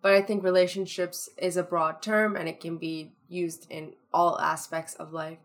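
A woman's voice: on the low side, level tone, normal speed. A woman co-hosting a casual podcast, chatting and laughing easily with fillers between thoughts. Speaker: podcast co-host.

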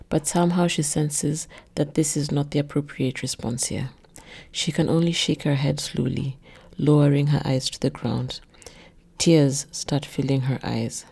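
A woman narrating her own written story in a measured, low-key way. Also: creaky, warm tone, slightly rough. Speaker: narrator and author.

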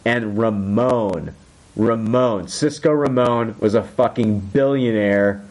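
Male podcast host, casual recap, excitable and profane. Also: fairly low pitch, takes it slowly. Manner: excited, swears a lot, acts out quotes. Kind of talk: casual chat.

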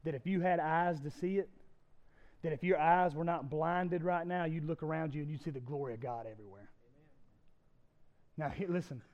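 A man preaching a sermon as pastor, emphatic, often climbing loud and high and repeating words for effect. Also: moderate pace, long pauses, muffled recording.

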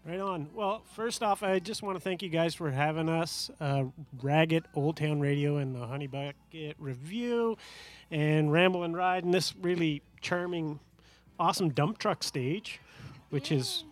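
Laid-back band leader chatting onstage. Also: male voice, a little high, unhurried. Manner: laid-back, rambling, lots of fillers. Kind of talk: casual stage banter. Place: live outdoor stage show.

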